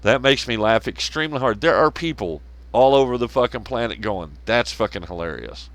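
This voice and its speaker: A man's voice: mid-range voice, a little fast, a bit bright. A man hosting a podcast, ranting casually and sarcastically, swearing constantly and laughing at his own jokes. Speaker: podcast host. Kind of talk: profane casual rant.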